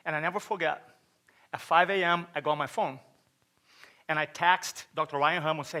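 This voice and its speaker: A man's voice: a little high, brisk, long pauses, sharp tone. A middle-aged man from Brazil with a Brazilian Portuguese accent, giving a motivational stage talk and telling a personal story, acting out quotes and asking the audience questions. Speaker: speaker at a chiropractic event.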